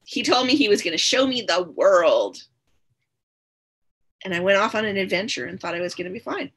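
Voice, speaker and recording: A woman's voice: mid-range voice, lively intonation, normal speed, fairly bright tone, slightly rough. A woman guest on a podcast, telling her own story candidly and earnestly, often repeating her phrases for emphasis. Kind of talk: personal storytelling in conversation.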